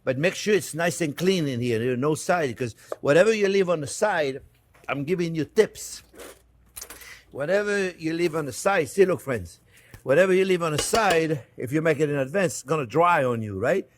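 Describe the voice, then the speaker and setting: Cooking casually in his kitchen, a man from France keeps calling his audience "friends," chatting away and laughing readily. His pitch is fairly high, his intonation lively, and his pace moderate.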